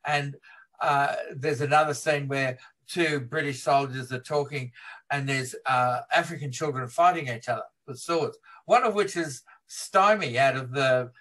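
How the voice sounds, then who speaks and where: A man being interviewed as a film historian, retelling film scenes in a lively way and laughing as he talks. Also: medium pitch, measured pace. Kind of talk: animated interview storytelling.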